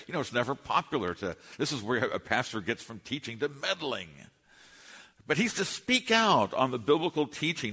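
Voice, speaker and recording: A man preaching an expository sermon as pastor in a church, emphatic and lively, often restarting his phrases. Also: medium pitch, long reverb tail. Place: church sanctuary.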